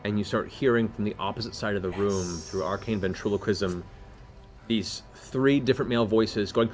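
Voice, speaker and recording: A man's voice: on the low side, normal speed, a bit bright. A man narrating a tabletop game as game master, in a loose, descriptive way.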